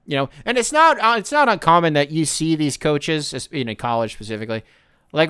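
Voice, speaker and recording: A man hosting a sports podcast, talking in a profane, sarcastic, animated casual rant. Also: a little high, smooth, no room sound, studio quality. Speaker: podcast host.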